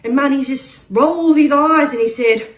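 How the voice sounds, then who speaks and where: High-voiced woman telling an absurd story. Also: normal speed. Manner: rambling, absurd storytelling with frequent laughs and outbursts; shifts between loud shouts and quiet, muttered asides. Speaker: open-mic performer. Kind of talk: comic spoken-word performance.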